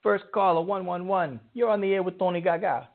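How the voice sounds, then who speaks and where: A man hosting a call-in radio show, talking in a rambling way with many halting restarts. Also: high-pitched, creaky. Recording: tinny phone-line sound.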